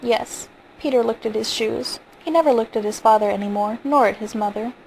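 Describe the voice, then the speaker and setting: Calm story reader, woman, raspy fry, faint background hiss. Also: on the high side, a little fast, rough recording. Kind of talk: reading a short story aloud.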